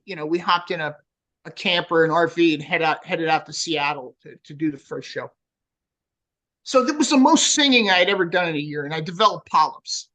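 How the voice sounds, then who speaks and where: A man's voice: sits high, low-quality recording. A man in his sixties with a New Jersey accent, a metal singer telling swearing-filled stories in a casual interview. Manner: profane, storytelling, animated.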